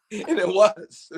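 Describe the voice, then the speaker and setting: A man's voice: sits high, a little mellow, husky. An older man, a guest telling casual stories, rambling with frequent restarts and laughter. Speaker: guest, former fighter pilot. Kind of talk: casual storytelling.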